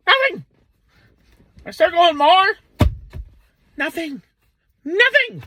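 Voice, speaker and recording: High, bright-voiced man telling a story. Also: moderate pace, slight background noise, rough recording. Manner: expressive, exasperated, acts out dialogue in his own voice. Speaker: rideshare driver. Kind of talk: animated storytelling vlog.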